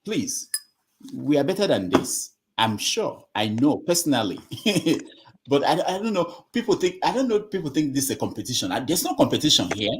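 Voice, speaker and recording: A man's voice: mid-range voice, big pitch swings, normal speed, noisy background. A middle-aged man hosting an online discussion, lecturing and scolding listeners while repeating himself. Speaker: host moderating an online discussion. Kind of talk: casual moderating talk.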